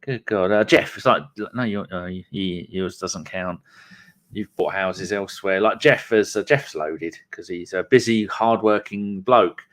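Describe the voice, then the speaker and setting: A man's voice: lowish voice, moderate pace, hardly any pauses, a bit bright. A man, co-hosting a podcast and telling a long story as a sweary, ranting monologue. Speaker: podcast co-host.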